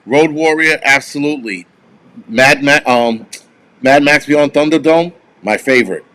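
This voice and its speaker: A man hosting a casual live stream, chatting about movies in a rambling, profane way and getting animated when he tells a story. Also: mid-range voice, measured pace. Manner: rambling, with restarts. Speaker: host.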